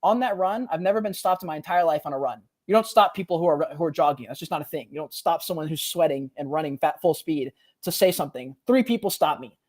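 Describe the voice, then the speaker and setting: Animated young man telling a story. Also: a little high, quick pace, hardly any pauses. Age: 20s. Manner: animated, slangy, peppers speech with "bro" and "like". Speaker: podcast co-host. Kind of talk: casual storytelling.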